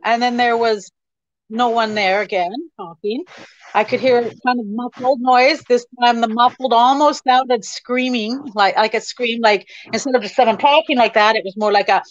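Middle-aged woman recounting her own story in an interview, halting speech, slightly high-pitched, muffled lo-fi sound. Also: steady tone, dry recording. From Canada. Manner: hesitant, halting with many ums. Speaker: interview guest. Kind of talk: personal storytelling.

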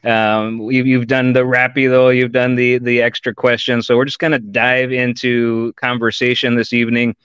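A man's voice: mid-range voice, flat delivery, moderate pace, hardly any pauses, a bit bright, smooth, no echo, muffled recording. A man from Texas hosting a live-stream comics interview, chatty and enthusiastic. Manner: enthusiastic and chatty, says dude and y'all. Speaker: podcast host.

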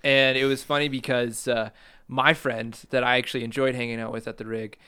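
A man's voice: medium pitch, flat delivery, brisk, bright, forceful tone, smooth. A young man casually telling a rambling, self-mocking story, laughing as he goes. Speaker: storyteller guest.

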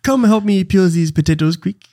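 A man voicing a flustered French housewife in a comedy sketch, fussing in a frantic, raised falsetto. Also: moderate pace, a little mellow. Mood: fussy.

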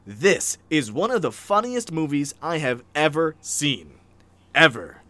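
A man's voice: fairly high pitch, very animated, unhurried, pushed and bright. A man co-hosting a casual chat, reading online reviews aloud with playful, dramatic flair. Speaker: podcast co-host.

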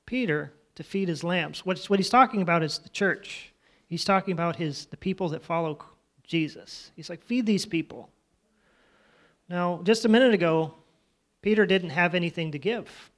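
High-voiced man telling kids a Bible story. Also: moderate pace, a bit bright. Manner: conversational, asks the children questions; retells scenes in his own casual words. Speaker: children's church teacher.

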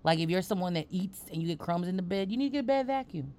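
A woman's voice: lowish voice, animated, fast, a little mellow. A woman hosting a podcast in casual chat, playful and teasing, talking with lots of energy. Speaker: podcast host.

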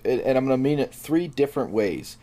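A man's voice: mid-range voice, expressive, brisk, mellow. A man co-hosting a podcast, explaining things with an amused, chatty manner. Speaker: podcast co-host. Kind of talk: casual chat.

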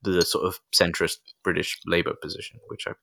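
Podcast co-host: a man with a low, bright-edged voice and a dry, measured wit. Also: little pitch movement, vocal fry, slight background noise. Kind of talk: casual podcast chat.

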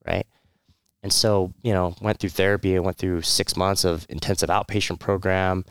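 A man's voice: low voice, level tone, normal speed, a bit bright, smooth, no echo, clean studio sound. A man, a military veteran, telling his personal story in a candid, rambling way, with many fillers, restarts and short laughs.

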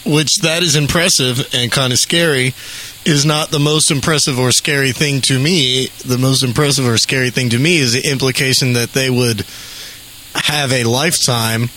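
A man's voice: medium pitch, fairly even intonation, moderate pace, bright, forceful tone, slight background noise, low-quality recording. A man co-hosting a casual podcast chat, asking curious questions and laughing easily.

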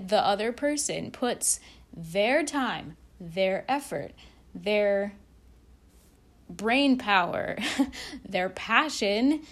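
A woman talking candidly to camera in a rambling, casual monologue, dropping lots of fillers and the odd swear word. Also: mid-range voice. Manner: rambling, frank, swears, heavy use of "like". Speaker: vlogger.

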